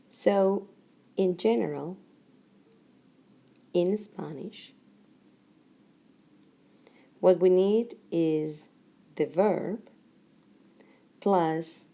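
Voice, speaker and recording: Slow, gravelly-voiced woman teaching grammar. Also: sits low, warm tone. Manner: slow, deliberate, pausing between short phrases. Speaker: Spanish teacher. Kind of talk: explaining grammar lesson.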